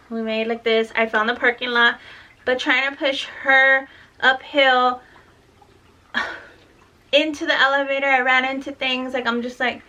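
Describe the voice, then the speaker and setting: A woman's voice: high voice, sharp tone. A woman, a mother, telling a rambling, cursing story in a casual vlog, still tired and lightheaded. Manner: rambling, swears, acts out dialogue. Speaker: mother vlogging about her daughter.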